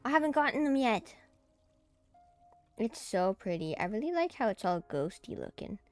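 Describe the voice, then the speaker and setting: A woman's voice: a little high, sing-song, normal speed, a little mellow, soft background music. A woman streamer chatting casually as she plays a game, easily startled and giggly. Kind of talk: casual gameplay commentary.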